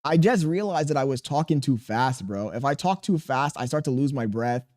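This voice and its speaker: A young man chatting casually on his livestream, reading chat aloud and talking slowly on purpose, with plenty of swearing. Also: medium pitch, animated, darkish tone. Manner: laid-back, deliberately slow storytelling, swearing, reading chat aloud. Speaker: streamer.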